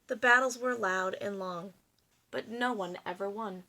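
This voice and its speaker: A woman reading a picture book aloud to children, expressive and pausing to explain. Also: medium pitch.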